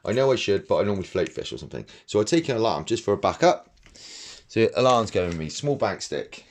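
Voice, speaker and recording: A man's voice: lowish voice, big pitch swings, fast. A man chatting casually to camera about his fishing gear in his fishing room at home, rambling and blunt. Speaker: fishing vlogger.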